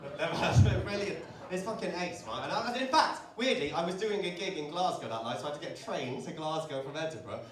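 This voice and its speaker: On a comedy pub stage before a live audience, a man does stand-up, chatting with the crowd, swearing often and tossing in "right?" as he tells his stories. His voice is fairly high, fairly bright and animated, rushing along quickly with hardly any pauses. The recording is echoey, with a distant mic and audience laughter.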